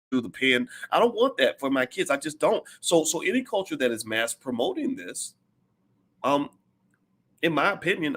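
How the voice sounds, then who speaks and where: A man's voice: medium pitch, a bit bright. A middle-aged man giving an impassioned, preachy monologue as a commentator, hammering his points with repetition.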